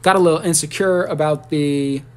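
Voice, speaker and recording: A man's voice: on the high side, fairly even intonation, normal speed, clean tone. Rambling, profane man ranting on a livestream. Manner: rambling, profane, with sudden squealing outbursts. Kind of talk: casual livestream rant.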